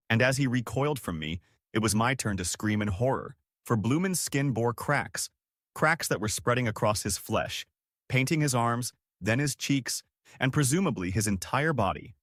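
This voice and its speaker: A young man narrating a horror story in a dramatic, expressive way. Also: mid-range voice, no echo, clean studio sound. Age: young adult.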